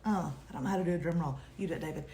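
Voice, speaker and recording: A woman's voice: on the low side, very fast. A woman co-hosting a casual morning show, joking and telling stories in a chatty, teasing way. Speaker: co-host of a morning livestream. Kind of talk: casual chat. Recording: roomy echo with faint noise.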